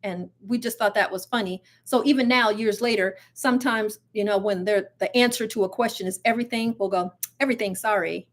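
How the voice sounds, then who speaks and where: A woman's voice: mid-range voice, fairly even intonation, brisk, few pauses. A woman hosting her own cruise channel, telling stories and reading news in a chatty, giggly way with plenty of asides and fillers. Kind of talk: casual live-stream chat and storytelling.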